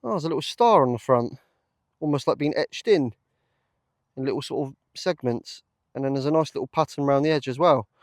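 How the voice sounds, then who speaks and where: Guy, mid pitch, chatty field vlogger, fillers and excitement, close dry mic. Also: brisk, no echo. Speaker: metal detecting vlogger. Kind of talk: casual commentary to camera. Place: open field outdoors.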